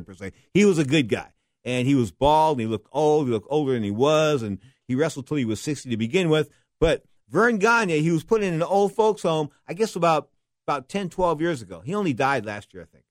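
Middle-aged male host, casual rambling storyteller, mid-pitched voice, dry close sound. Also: no echo. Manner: rambling, animated, stops to correct names. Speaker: wrestling history podcast host.

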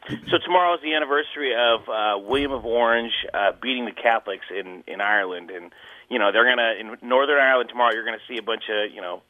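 A man calling in to a sports radio show, chatting casually in a halting, filler-heavy way. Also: mid-range voice, no room sound. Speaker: caller. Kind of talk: casual call-in chat. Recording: tinny phone line.

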